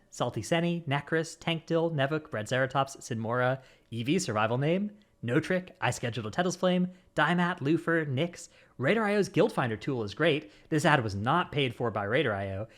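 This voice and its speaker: A man's voice: mid-range voice, lively intonation, brisk. Casual man hosting a gaming podcast. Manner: rattles off lists of supporter names with jokes. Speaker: podcast host.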